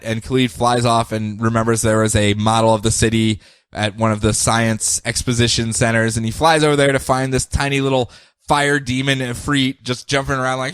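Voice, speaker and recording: Male co-host, mid pitch, lively comic recapper, dry close mic. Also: brisk, smooth, no echo. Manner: animated, acts out scenes and laughs often. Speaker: podcast co-host.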